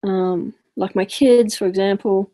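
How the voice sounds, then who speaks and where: A woman questioning her teacher, choked up and halting as she searches for words. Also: medium pitch, fairly even intonation, mellow, rough recording. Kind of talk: personal sharing in dialogue.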